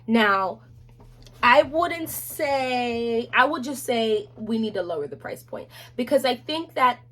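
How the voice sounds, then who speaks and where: A woman chatting casually on camera about beauty products, animated and slangy, with playful asides to viewers. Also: on the high side, moderate pace. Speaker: beauty vlogger. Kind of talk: casual product review chat.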